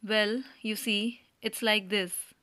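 A woman's voice: medium pitch, fairly even intonation, slow, bright, forceful tone. Woman reading as a nervous, flustered suitor. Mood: formal, flustered. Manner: flustered, stumbling over words. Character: nervous, suspicious male landowner suitor.

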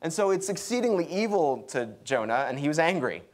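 A young adult man preaching a sermon, animated and acting out quotes. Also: brisk. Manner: lively, acts out quotes with pitch jumps. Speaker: pastor.

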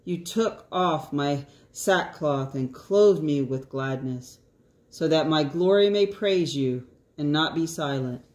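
A woman's voice: sits low, darkish tone. Earnest woman reading psalms in an echoey room. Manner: earnest and deliberate. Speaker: scripture reader. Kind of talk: slow prayerful reading of psalms.

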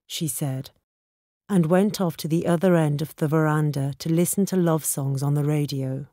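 A woman narrating a storybook in a measured, deliberate reading for English learners. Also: deep voice, steady tone, warm tone, no echo, studio quality.

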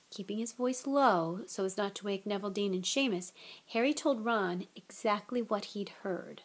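Woman reading a novel aloud, expressive. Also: mid-range voice, moderate pace. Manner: expressive, relaxed, chatty asides. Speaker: audiobook reader.

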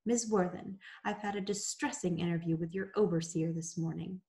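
A woman's voice: fairly low pitch, steady tone, moderate pace, warm tone, close to an everyday voice. A woman reading the lines of a stern older male mill agent, asking short, clipped questions. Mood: cold.

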